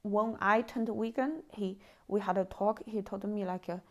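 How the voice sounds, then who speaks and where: A woman's voice: medium pitch, fairly even intonation, normal speed. A woman hosting a podcast in casual chat, talking animatedly with many fillers and acted-out quotes. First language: Chinese. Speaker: podcast host.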